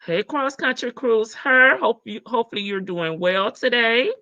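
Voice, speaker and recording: A woman's voice: on the high side, moderate pace, pushed and bright, dry recording. A woman with a Southern American accent hosting a livestream, chatting casually and folksily with viewers, laughing and calling them baby and child. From Southern United States. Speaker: livestream host. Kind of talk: casual gossip chat with viewers. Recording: dull lo-fi stream audio, dry.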